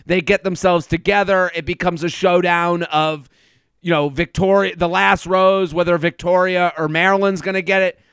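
High, crisp-voiced man co-hosting a podcast. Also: normal speed, no room sound. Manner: animated, acts out quotes with crude asides. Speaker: podcast co-host. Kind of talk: casual chat.

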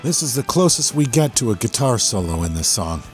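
Lively enthusiastic man breaking down a song. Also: mid-range voice, fairly quick, loud music behind the voice. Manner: enthusiastic, teacherly. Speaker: host breaking down a rock song. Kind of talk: explanatory music commentary. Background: the song playing underneath.

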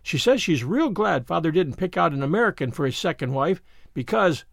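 A man's voice: a little high, sing-song, brisk, vocal fry, a bit bright, no echo, clean studio sound, full character voice. A man voicing an earnest, proud young schoolboy who talks eagerly.

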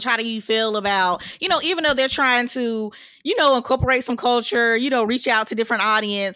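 A woman co-hosting a TV recap show, relaxed and agreeable, thinking aloud in casual chat. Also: a little high, no echo, studio quality. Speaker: podcast co-host.

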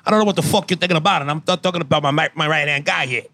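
A man's voice: on the high side, creaky, sharp tone. A man improvising an impression of a middle-aged male New mob boss, profane and threatening. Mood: menacing scorn. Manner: profane, threatening, quick tough-guy bark.

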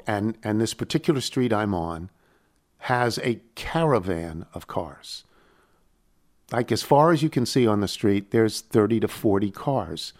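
An older man hosting a podcast, chatting casually and acting out the people in his stories. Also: lowish voice. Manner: animated, acts out voices in anecdotes. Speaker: podcast host. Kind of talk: casual chat, storytelling.

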